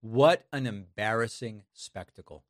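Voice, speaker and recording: A man hosting political commentary, scornful and sarcastic, with quick throwaway asides between clips. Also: lowish voice, dry recording, clean studio sound. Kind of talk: opinionated commentary.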